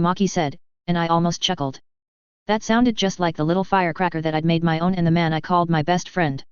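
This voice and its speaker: A narrator reading a first-person story in a measured, steady way. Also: mid-range voice, clear, resonant tone, no echo. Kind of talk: first-person audiobook narration of fan fiction. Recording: dry, slightly dull.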